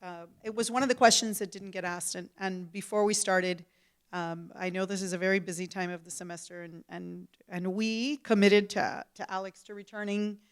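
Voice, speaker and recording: Relaxed middle-aged woman on a panel. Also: medium pitch, normal speed, clean tone. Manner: relaxed, repeats words, playful asides. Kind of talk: casual panel talk.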